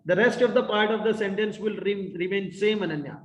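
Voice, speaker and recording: High-voiced teacher in echoey room. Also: male voice, brisk, hardly any pauses. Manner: encouraging, repetitive praise. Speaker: English teacher. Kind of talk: online class teaching. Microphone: video call. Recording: echoey room with long reverb.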